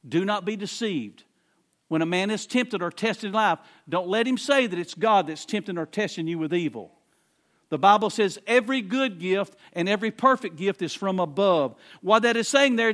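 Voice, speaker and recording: A man preaching from the pulpit, his voice sitting high for a man. He leans hard on repeated phrases and swings from hushed asides up to ringing declarations. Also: animated, moderate pace. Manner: emphatic preaching, repeats phrases, swings between quiet and loud. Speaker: pastor. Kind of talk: sermon.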